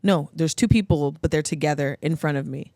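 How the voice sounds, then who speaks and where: A woman's voice: deep voice, a little fast, a little mellow, dry recording, studio quality. A woman co-hosting a podcast in casual chat. She tells a story with lots of energy and acts out what other people said. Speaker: podcast co-host.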